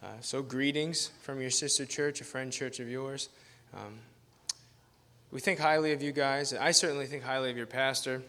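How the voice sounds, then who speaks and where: A man's bright, forceful, medium-pitched voice moves at a moderate pace with fairly even intonation. As a guest pastor giving an informal sermon, he tells a rambling, self-deprecating story casually and laughs often.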